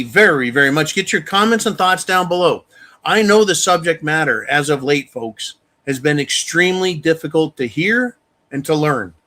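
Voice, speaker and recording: A man's voice: fairly high pitch, bright, forceful tone. Angry, profane ranting man. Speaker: show host. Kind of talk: opinion monologue.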